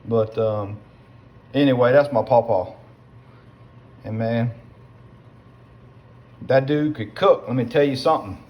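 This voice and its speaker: A man's voice: medium pitch, slow pace, long pauses, muffled recording. Folksy man cooking. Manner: rambling, folksy, calls viewers y'all and son. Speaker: home cook. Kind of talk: casual cooking vlog chat. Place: kitchen, cooking at the stove.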